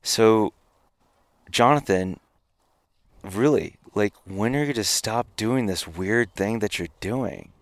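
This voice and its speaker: A man voicing an impatient, mocking female jungle spirit who scolds bluntly, with his voice pushed noticeably higher than his usual. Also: slow pace, no room sound. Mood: scolding.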